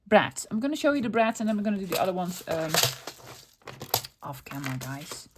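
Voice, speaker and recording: A middle-aged woman hosts a casual crafting video in a relaxed, running chatter. She talks to herself as she works, asks and answers her own questions, and breaks into easy laughs. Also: medium pitch, a little fast, background noise. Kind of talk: casual crafting tutorial chat.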